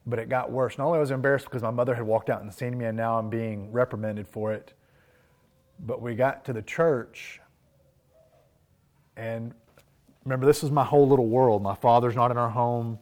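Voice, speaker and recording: A man's voice: mid-range voice, a little fast, darkish tone. A man preaching a sermon, telling personal stories in an earnest, reflective way. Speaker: pastor.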